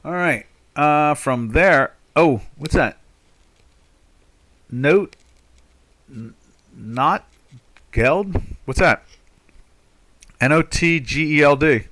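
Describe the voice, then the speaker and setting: An older American man with a slightly high, fairly bright and expressive voice hosts a live trading webinar. He speaks very slowly and pauses often, rambling through market commentary full of "you know" fillers and restarts.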